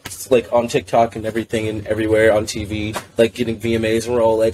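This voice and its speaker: A young man in a rock band, a podcast guest, talking in an excitable, rambling way. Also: on the low side, fast. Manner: excitable, rambling with many restarts and fillers. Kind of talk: casual chat. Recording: faint background noise.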